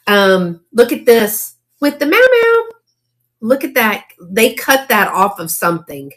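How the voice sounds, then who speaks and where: A woman, hosting a casual live sale. She chats and exclaims over old items, and she reads faded handwriting aloud haltingly. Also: a little high, fairly bright tone. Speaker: online live-sale seller.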